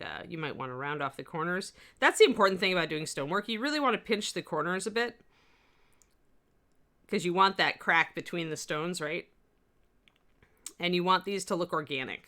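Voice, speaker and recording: This is live-stream tutorial chat from a woman who sculpts miniatures while she talks, full of casual, rambling asides. She has a slight West Coast accent and a fairly low-pitched voice with a sharp tone.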